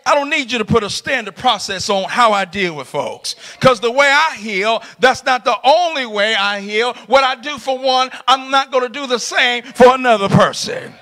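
A middle-aged man preaches in a church with a very high, bright voice. He swings between loud shouts and soft asides, and he laughs along with his congregation. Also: moderate pace, few pauses. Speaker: pastor. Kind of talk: sermon. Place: church sanctuary.

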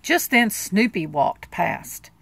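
Storybook reader: a woman in a mid-range voice, lively and expressive as she narrates. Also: medium pitch, slow, creaky. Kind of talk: reading a children's book aloud.

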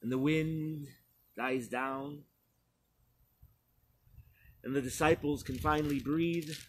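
A male pastor preaching a sermon, retelling a scripture story slowly with frequent pauses. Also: fairly high pitch, fairly even intonation, husky.

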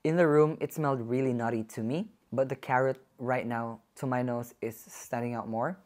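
Effusive male reviewer for a casual vlog, medium pitch, gushes and often sinks to a soft hush. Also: fairly even intonation, normal speed. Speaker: perfume reviewer. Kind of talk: casual perfume haul vlog.

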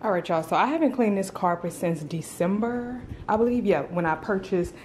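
Talking into a tripod-mounted camera at home in her apartment, a young vlogger chats casually and fairly quickly, addressing viewers as "girl" and "y'all." Her mid-range voice has lively intonation, with music playing in the background.

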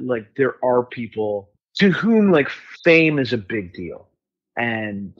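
A man's voice: fairly low pitch, muffled recording. A middle-aged man, a musician guest on a podcast, telling stories in a candid, rambling way, swearing freely and using many fillers. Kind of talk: casual storytelling chat.

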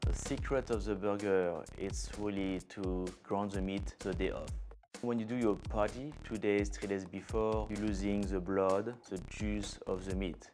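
A man's voice: lowish voice, fairly even intonation, a little slow, a little mellow. A middle-aged man with a French accent, a chef giving a chatty, playful cooking demonstration in a kitchen and dropping in French words. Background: background music and sizzling food.

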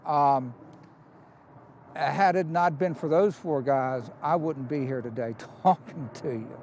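An older man, a war veteran, telling slowly and deliberately how he was rescued in a documentary interview. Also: on the high side, a little mellow, a little hiss or hum.

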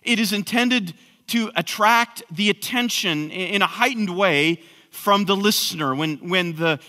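A man's voice: sits high, unhurried, bright, forceful tone. A man preaching an expository sermon, emphatic, with frequent restarts. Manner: emphatic, repeats words when restarting. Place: church sanctuary. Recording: long hall reverb.

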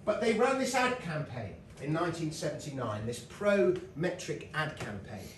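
A middle-aged British lecturer and comedian gives a comic talk to a live audience in a lecture hall, spinning chatty stories full of asides and laughs. His voice sits fairly high and swings widely in pitch at a normal speed. A distant, roomy hall mic picks him up with a little hiss or hum.

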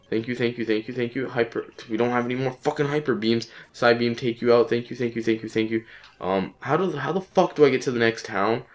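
A man with a sick voice giving casual let's-play commentary, frustrated and swearing, repeating phrases in quick bursts. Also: lowish voice. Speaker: gaming channel host.

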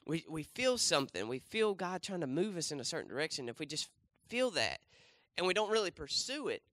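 Bright-voiced young man preaching casually. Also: fairly high pitch, big pitch swings, a little fast, no echo. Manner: conversational, many fillers and restarts, asks the congregation questions. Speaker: pastor. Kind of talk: casual sermon with a volunteer demonstration. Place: church.

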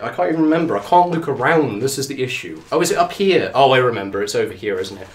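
A man streaming a game live, out of breath and excitable, talking to the character on screen and to his viewers. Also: medium pitch, moderate pace. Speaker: let's play streamer. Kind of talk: live gameplay commentary. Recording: echoey room, mic at a distance.

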